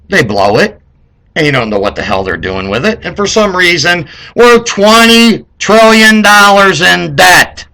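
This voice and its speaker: Middle-aged US man, gravelly, lively pitch, sarcastic ranting vlogger. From United States. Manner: heated, rambling, sarcastic. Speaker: political vlogger. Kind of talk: ranting vlog monologue.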